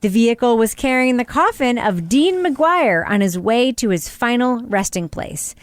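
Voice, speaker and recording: A woman hosting a podcast, reading a crime story with wry, deadpan jokes and steering her panel. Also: a little high, normal speed, no echo, clean studio sound. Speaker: podcast host. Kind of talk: scripted crime segment and panel chat.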